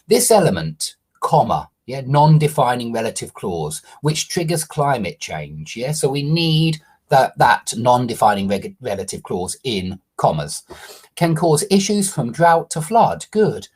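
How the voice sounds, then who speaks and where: A man's voice: medium pitch, big pitch swings, moderate pace, a little mellow, slightly rough. A man teaching English online, walking through corrections to a student's essay and explaining each change, often checking understanding with a questioning "yeah?".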